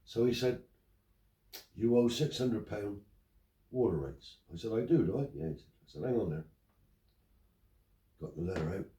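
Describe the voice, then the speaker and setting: Recorded from a distance in a roomy setting, this older Romany Traveller tells stories during a casual interview, acting out the dialogue with energy. His voice is on the low side, moderately paced, with frequent pauses.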